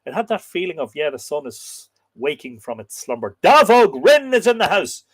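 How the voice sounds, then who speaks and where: A man's voice: on the high side, very animated, moderate pace, breathy edge, no echo. A man with an Irish accent hosting a casual live stream, playfully reading out and answering viewer comments. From Ireland.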